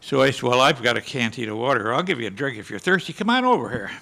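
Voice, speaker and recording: Gravelly, bright-voiced elderly man telling war stories. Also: mid-range voice, animated, fast. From United States. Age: 80s. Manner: vivid, with spoken gunshot sounds. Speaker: war veteran panelist. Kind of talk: storytelling to a live audience. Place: conference hall panel.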